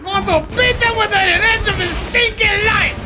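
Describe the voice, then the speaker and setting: A streamer giving loud, foul-mouthed gameplay commentary and shouting insults at the monsters. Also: very high voice, moderate pace, crowd noise. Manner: loud, swearing, yelling at monsters. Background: game music.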